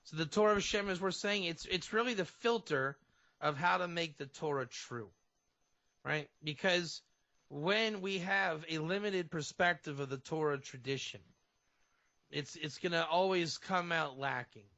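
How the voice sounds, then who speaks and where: Male rabbi guest, high and bright voice, animated radio teaching on dull lo-fi audio. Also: measured pace. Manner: animated explainer, acts out fervent prayer.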